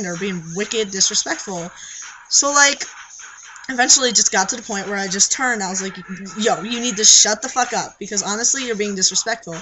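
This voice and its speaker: Bright-voiced young man, rambling vlog chat. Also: high-pitched, slight background noise, poor audio. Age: young adult. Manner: rambling, lots of fillers and restarts. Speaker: vlogger. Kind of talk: casual confessional vlog chat.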